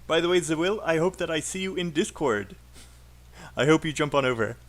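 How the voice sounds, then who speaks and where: A man's voice: on the high side, animated, fairly quick. Encouraging British male teacher. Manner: patient, encouraging, drills sentences aloud. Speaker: IELTS teacher. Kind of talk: live online class.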